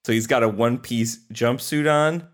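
A man's voice: medium pitch, normal speed. A man playing a tabletop game in an easygoing way, with music behind him. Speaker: player. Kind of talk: casual tabletop play.

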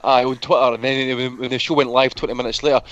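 A man's voice: medium pitch, flat delivery, quick pace, a bit bright, dry recording, dull audio. A man on a boxing podcast panel, ranting bluntly and swearing as he goes. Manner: blunt, swearing, rambling rants. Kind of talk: casual boxing chat.

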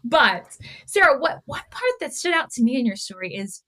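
A woman therapist hosting a podcast, talking emphatically and animatedly, quick to voice her frustration. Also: sits high, very animated, sharp tone. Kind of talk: casual podcast conversation.

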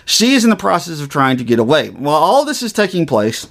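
A man's voice: on the high side, very animated, vocal fry. Rambling man recapping TV. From Southern US. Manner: rambling, halting with many fillers. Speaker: podcast co-host. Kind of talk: casual TV recap chat.

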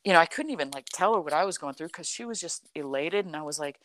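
Low-voiced woman telling a story. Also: fast talker, slight background noise. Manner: animated, acts out quoted dialogue, frequent "like" and "you know". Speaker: guest telling a personal story. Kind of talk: conversational storytelling.

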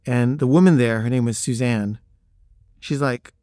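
A man's voice: medium pitch, moderate pace, dark tone, no echo, clean studio sound. Middle-aged man telling a personal story. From Los Angeles, the San Fernando Valley. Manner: conversational, acts out quoted voices.

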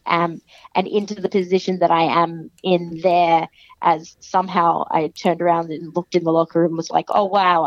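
A woman's voice: on the low side, no room sound, highs cut off. A woman, a professional wrestler, chatting in an interview, laughing often and acting out what others say. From Australia. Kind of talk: casual interview chat.

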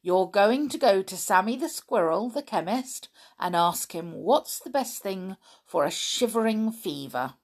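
A woman's voice: medium pitch, lively intonation, unhurried, hardly any pauses. Binkle, a woman voicing a cheeky scheming bunny. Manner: cheeky, wheedling. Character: mischievous scheming bunny, male.

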